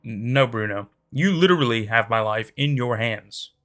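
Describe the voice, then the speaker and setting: A man's voice: mid-range voice, animated, moderate pace, a bit bright, pitched below the performer's own voice, lightly acted. A man voicing a frightened young woman hanging upside down from a bridge, pleading and panicky. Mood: nervous.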